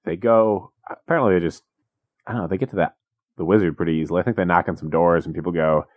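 A man's voice: deep voice, fast, darkish tone, no echo. A man co-hosting a podcast, recapping a movie in a rambling, wry casual chat. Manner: rambling, wry, acts out quotes. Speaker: podcast co-host.

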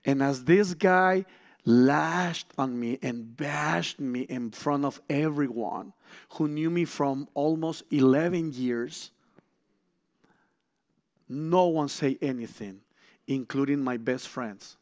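A man's voice: medium pitch, takes it slowly. A middle-aged man, a guest speaker telling a story in a sermon, acting out quotes and restarting phrases. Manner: animated storytelling, frequent restarts and acted-out quotes.

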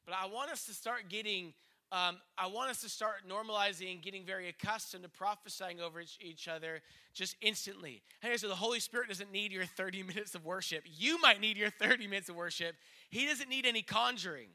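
A man's voice: high voice, brisk, pushed and bright. A man preaching a conversational sermon as pastor, earnest, with frequent restarts and acted-out asides.

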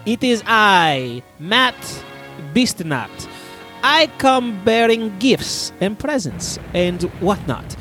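A jolly, theatrical gift-bringer with a thick put-on accent, as a man acts him out. He booms his greetings with a high, lively voice and takes his time over the words. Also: slow pace, faint music behind, full character voice. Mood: jovial. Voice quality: put-on accent that a listener compares to a cartoon villain.

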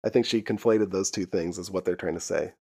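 Young man, podcast co-host, relaxed chatty recap, frequent laughs, casual swearing. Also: low-pitched, a little fast. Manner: laid-back, laughs often, swears casually. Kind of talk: casual chat recapping a TV show.

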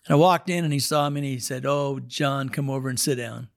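A man's voice: medium pitch, brisk, gravelly, no room sound, studio quality. A man, a pastor, telling a story in a sermon and acting out the people in it.

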